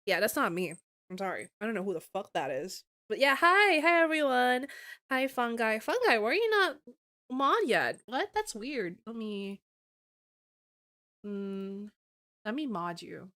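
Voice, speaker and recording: A young woman streaming as a vtuber, chatting casually and teasing her viewers with giggles, often slipping into a higher, cutesy greeting voice. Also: sing-song, measured pace, fairly bright tone, no echo.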